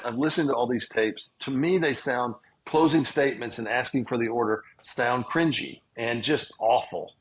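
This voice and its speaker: A man, speaking as a guest in an interview. He tells his stories at length and wanders between them, pointing out his own long-windedness. His voice sits at an ordinary middle pitch. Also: poor audio. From Southern United States. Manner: rambling, self-aware storyteller. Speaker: guest, healthcare entrepreneur and investor. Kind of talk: storytelling interview.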